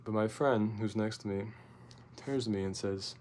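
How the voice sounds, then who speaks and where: A young man telling a rambling, profane story in a casual vlog, full of fillers and restarts, getting loud and animated as he retells his outburst. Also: on the low side, moderate pace, a little hiss or hum. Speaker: vlogger.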